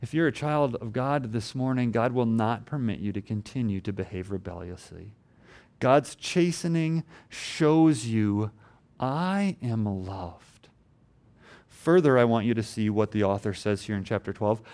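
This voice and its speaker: A young adult man preaching a sermon earnestly, rising to emphatic peaks and then dropping low. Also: normal speed, darkish tone. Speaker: pastor.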